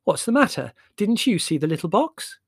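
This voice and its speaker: A man reading an audiobook, voicing an excitable, outspoken teenage English girl with a clear, penetrating voice. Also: high voice, normal speed, no echo, clean studio sound, pitched above the performer's own voice, full character voice. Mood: blunt.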